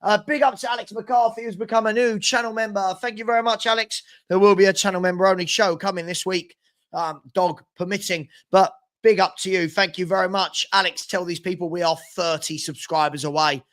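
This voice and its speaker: A man's voice: high-pitched, fairly even intonation, a little fast, a bit bright. A young man chatting casually as host of a live football watchalong, reading out and answering viewer comments. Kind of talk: casual live-stream chat.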